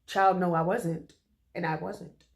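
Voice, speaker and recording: A woman's voice: on the low side, steady tone, measured pace, vocal fry. Emphatic woman telling a story. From Philadelphia, USA. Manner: emphatic and slangy, with frequent "okay?" asides to listeners. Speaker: storytime vlogger. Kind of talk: casual storytelling to camera.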